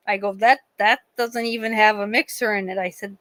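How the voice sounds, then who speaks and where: A woman's voice: fairly high pitch, a little fast, hardly any pauses, no echo, poor audio. Chatty middle-aged woman telling stories. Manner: chatty, animated, acts out quoted voices. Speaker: livestream host; nurse. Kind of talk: casual storytelling chat.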